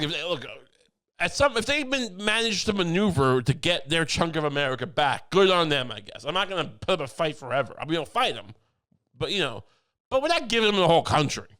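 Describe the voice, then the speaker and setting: A man's voice: on the high side, fairly bright tone. A young man hosting a podcast, rambling through a mock-conspiratorial comedy monologue with lots of restarts. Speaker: podcast host.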